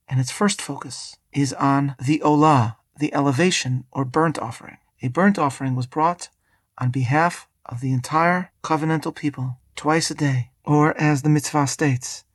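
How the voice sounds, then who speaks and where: A man, a rabbi, hosting a scripted podcast lesson and reading in a measured, deliberate way. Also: fairly high pitch, no room sound, clean studio sound.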